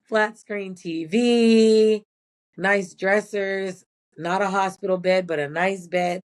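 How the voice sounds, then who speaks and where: A woman's voice: mid-range voice, fairly even intonation, takes it slowly. A former prison nurse, a woman, telling blunt and profane stories in a casual interview.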